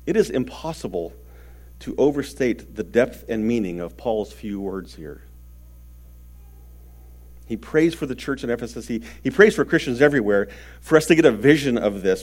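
A male preacher delivers a sermon in an earnest, emphatic way. His voice sits at an ordinary middle pitch. He swings between loud stressed phrases and quiet ones, and sometimes repeats a word as he goes.

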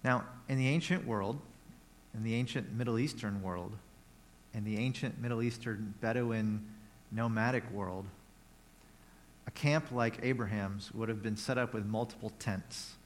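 A man's voice: on the low side, a little slow, slight background noise. A man preaching a conversational sermon, retelling a Bible story with playful asides.

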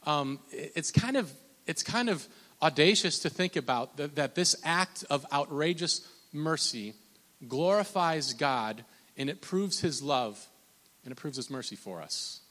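A man, likely in his thirties, preaching a conversational sermon with lots of restarts and fillers, loud on his points and slow on scripture. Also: a little high, big-room sound. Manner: animated, pushes loud on emphasis, drawn-out slow scripture quotes. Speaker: pastor.

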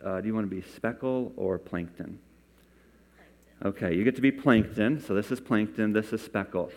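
A man's voice: fairly low pitch, moderate pace, darkish tone. A man preaching a sermon as pastor in a church, talking conversationally and coaxing volunteers from the congregation. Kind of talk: sermon with scripture reading. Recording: long reverb from a large hall.

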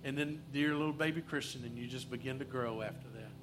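A male pastor preaching a sermon in church, quoting Scripture, asking the room for answers, and softening into prayer. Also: medium pitch, fast talker, over music. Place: church, also streamed online.

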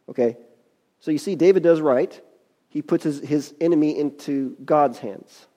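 A man's voice: mid-range voice, brisk, dark tone. A man preaching a sermon, reading scripture and adding folksy, conversational asides.

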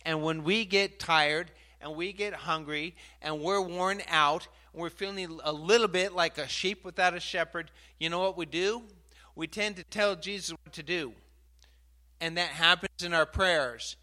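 A man delivers a sermon in a bright, ringing voice pitched a little high for a man. He talks animatedly and builds to emphatic, forceful passages. Now and then he stops to sort out his slides. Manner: animated, rising to emphatic outbursts; pauses mid-talk to sort out slides. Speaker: preacher.

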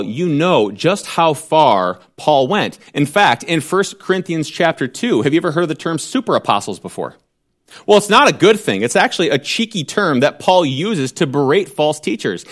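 A man preaching a sermon, emphatic and direct, with rhetorical questions and wry asides. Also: fairly high pitch.

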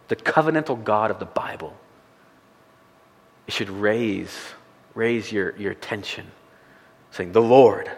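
A man's voice: fairly high pitch, slightly rough, long reverb tail. A man preaching a sermon as a pastor, speaking earnestly and repeating key phrases for emphasis. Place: church sanctuary.

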